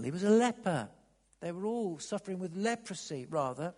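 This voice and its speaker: A man with a high, animated voice preaches a sermon at a moderate pace, dropping to near-whispers and then rising to loud, emphatic bursts. He often repeats words as he restarts, and the long reverb of a large hall surrounds him.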